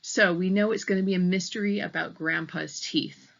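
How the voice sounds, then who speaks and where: A woman's voice: fairly low pitch, steady tone, normal speed, gravelly. A woman teacher reading a story aloud to children, explaining patiently and checking in with "okay?" after each point. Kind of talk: read-aloud lesson for kids. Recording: slightly muffled audio.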